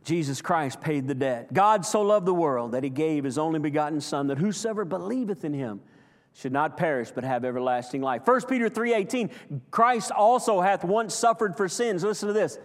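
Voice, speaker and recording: A man preaching a sermon with passion, swinging from loud outbursts to hushed, slow lines. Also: fairly high pitch. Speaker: pastor. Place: church sanctuary. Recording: long hall reverb.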